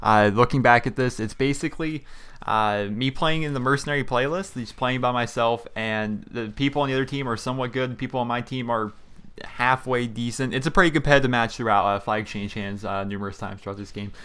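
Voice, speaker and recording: A young gaming YouTuber from Pennsylvania speaks briskly in a medium-pitched, smooth, slightly bright voice with fairly even intonation. Sitting in a small room at home, he offers casual, rambling commentary over gameplay, heavy on fillers and restarts.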